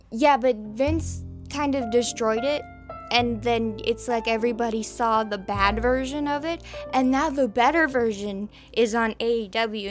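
A young woman hosting a podcast, rambling through the news in a casual, swearing, filler-heavy way. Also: a little high. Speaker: podcast host.

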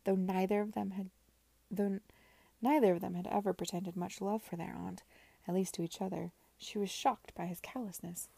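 A woman reading a novel aloud in a hushed, measured narration. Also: mid-range voice, steady tone, gravelly, husky, no echo. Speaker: reader.

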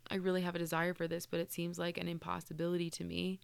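A woman's voice: on the low side, monotone, fast, gravelly, smooth, no room sound. A woman co-hosting a casual faith podcast, speaking in an earnest, reflective way. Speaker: podcast co-host.

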